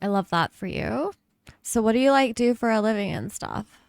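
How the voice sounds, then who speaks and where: A bubbly woman chatting in character during a game roleplay, with a slightly high voice that swoops a lot and a gravelly fry. She is heard close and dry, with no room sound. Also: lively intonation, moderate pace, dry recording. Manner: bubbly, slang-heavy, laughs often. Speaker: streamer playing a police officer.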